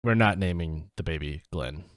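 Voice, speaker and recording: A man's voice: low voice, normal speed, no room sound, clean studio sound. A man as a guest on a podcast, chatting in a wry, joking way. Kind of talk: casual chat.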